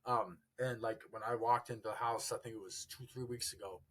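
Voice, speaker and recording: A young man, a podcast guest, telling his recovery story in an earnest, halting way. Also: mid-range voice, fairly even intonation, fairly bright tone. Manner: earnest, halting, quotes family dialogue.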